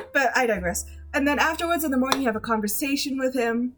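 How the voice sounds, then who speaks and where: High-voiced woman gushing excitedly. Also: a little fast, music in the background. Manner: gushing, giggly, rambling with many restarts. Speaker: streamer. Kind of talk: casual chat recapping a game.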